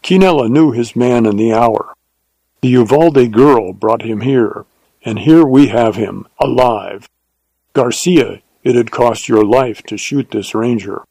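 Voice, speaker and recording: A man's voice: mid-range voice, a little slow, dark tone, no echo. A man reading aloud and voicing a harsh, commanding bandit leader in a western story.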